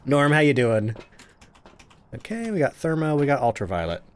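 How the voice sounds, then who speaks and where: Guy live streaming a game, chatty, reading chat out loud, bouncy animated voice. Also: a little high, moderate pace, a little hiss or hum. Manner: chatty, reads chat aloud and answers questions.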